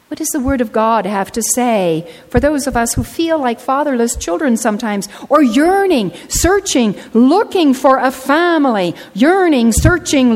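An older woman pastor preaching a sermon, telling stories earnestly and slowing down to stress her points. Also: fairly high pitch, a little mellow. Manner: earnest storytelling, slowing for emphasis. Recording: long reverb of a large hall.

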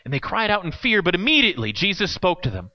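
Guy preaching a sermon, chatty and playful, voice jumps all over the place, kinda high, dull muffled recording. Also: sing-song, quick pace. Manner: conversational, with playful asides.

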